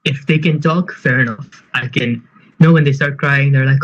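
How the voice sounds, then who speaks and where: A young man co-hosting a podcast, telling rambling, animated stories with plenty of swearing in casual chat. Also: medium pitch, moderate pace, breathy edge. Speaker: podcast co-host. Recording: muffled lo-fi audio with faint hiss.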